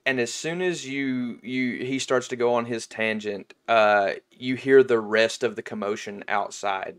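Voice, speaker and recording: Halting male game master narrating. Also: mid-range voice, clean tone. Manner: halting, with many restarts and fillers.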